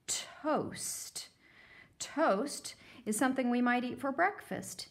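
A woman's voice: fairly high pitch, animated, slow. A woman teacher giving a phonics lesson to young children, sounding out words letter by letter.

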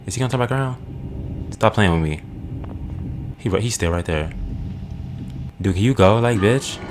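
Low-voiced excitable gamer man. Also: normal speed, noisy background. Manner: excitable, swears a lot, talks to the screen. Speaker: gaming channel host. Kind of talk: let's play commentary. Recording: game music behind the voice. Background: game music.

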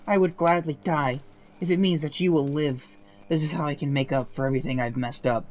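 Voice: mid-range voice, fairly even intonation, fairly quick, a little mellow, slight background noise, close to an everyday voice, low-quality recording. A gamer voicing a self-sacrificing friend who speaks earnestly and solemnly.

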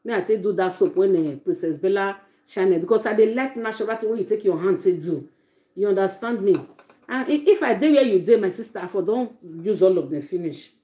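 Nigerian woman on a live stream, gushing over viewers, mid pitch, kinda roomy echo. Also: expressive, fairly quick, warm tone. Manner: effusive, exclaiming to viewers in Pidgin English. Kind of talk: casual live-stream chat.

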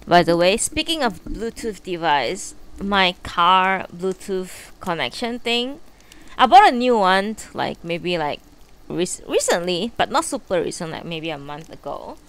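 Speaking in a lowish, sing-song voice that is smooth and unhurried, a woman streams live from her bedroom ahead of a book reading. Her chat is rambling and profane, packed with fillers.

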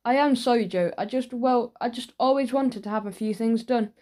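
A woman's voice: high-pitched, a little fast, mellow, lightly acted. A woman doing a scheming old dinner lady. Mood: wheedling. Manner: sly, nervous wheedling.

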